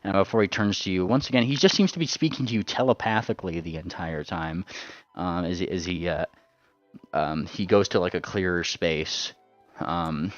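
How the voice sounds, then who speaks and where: A man's voice: deep voice, moderate pace, dry recording, soft background music. A man running a tabletop game as game master, rambling with lots of fillers and repeated words. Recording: dull lo-fi sound.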